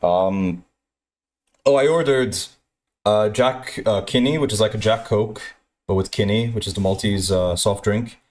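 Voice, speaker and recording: A young man telling a profane, aggrieved story in a rambling rant, full of repeats and quoted lines. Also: darkish tone. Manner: aggrieved, profane, repetitive, fast-swinging pitch. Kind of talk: ranting anecdote.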